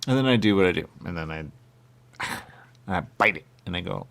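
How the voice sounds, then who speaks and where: Gravelly low-voiced man, goofy banter. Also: brisk, fairly bright tone. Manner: goofy, circular arguing with big pitch jumps. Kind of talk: absurd comedic banter.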